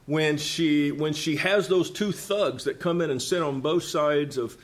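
A man co-hosting a casual Bible study conversation, talking in an animated, chatty way and often laughing. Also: fairly high pitch, unhurried. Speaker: co-host of a Bible study talk.

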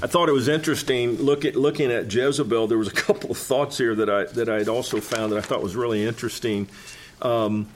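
A man co-hosting a casual Bible study conversation, talking in an animated, chatty way and often laughing. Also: medium pitch, a little fast, a little hiss or hum. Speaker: co-host of a Bible study talk.

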